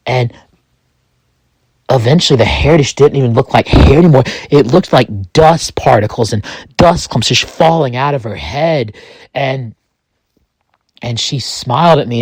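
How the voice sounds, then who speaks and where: Slow, halting man telling a story. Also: medium pitch, slightly rough, no echo. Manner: halting, with many restarts and pauses. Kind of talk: first-person narration of a fictional story.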